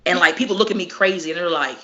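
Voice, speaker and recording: A woman, a professional wrestler, telling stories in a casual interview, animated and profane, acting out each exchange. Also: fairly low pitch, very fast. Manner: animated, profane, acts out dialogue. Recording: muffled lo-fi recording.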